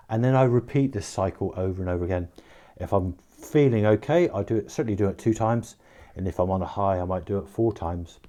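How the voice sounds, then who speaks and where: Low, mellow older man chatting at home. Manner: chatty, self-mocking, describing his exercise routine. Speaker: home video diarist. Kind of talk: casual home video talk.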